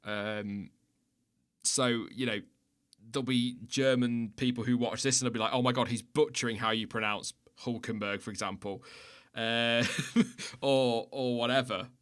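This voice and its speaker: A man's voice: medium pitch, steady tone, measured pace, a bit bright, clean tone. A British man hosting a livestream in casual chat, chatty and self-mocking, laughing often. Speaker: livestream host.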